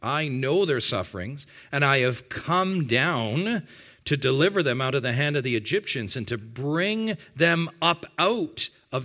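A man preaching a sermon to his congregation, addressing them directly and slowing to stress key words. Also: medium pitch, fairly bright tone. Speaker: pastor.

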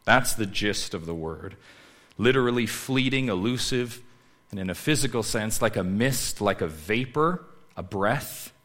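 A man's voice: lowish voice, expressive, a little slow, fairly bright tone. A man preaching a sermon, emphatic, repeating key words and putting questions to his congregation. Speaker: pastor.

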